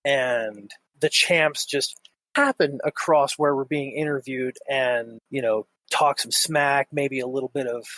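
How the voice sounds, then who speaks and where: A man playing in a tabletop wrestling role-play, pitching ideas in an easygoing, casual way. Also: measured pace, sharp tone, no echo, low-quality recording. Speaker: player.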